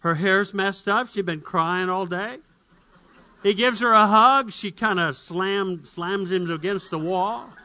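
Bright-voiced man telling a story, acts out the characters, high voice. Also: takes it slowly. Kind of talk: storytelling illustration.

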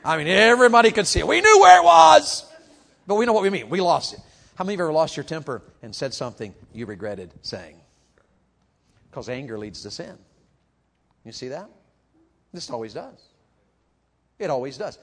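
A man preaching a youth sermon, animated and calling out questions to the crowd, moving from quiet talk to shouting. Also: a little high, a little fast, long pauses.

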